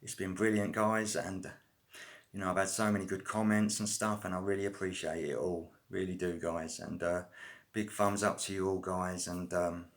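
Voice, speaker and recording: A man's voice: low-pitched, little pitch movement, moderate pace. A middle-aged man telling a rambling story from his past, casual and full of slang and fillers. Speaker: vlogger telling prison stories.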